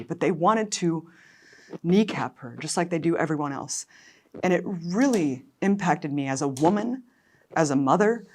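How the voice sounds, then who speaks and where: A woman's voice: low voice, a little hiss or hum. A woman guest on an interview, a documentary filmmaker, speaking with passionate indignation and raw emotion that at times nears tears.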